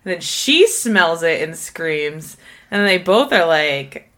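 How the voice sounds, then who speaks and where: A woman's voice: fairly low pitch, sing-song, slow pace, fairly bright tone. A woman co-hosting a podcast, chatting casually and swearing now and then. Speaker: podcast co-host. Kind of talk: casual chat.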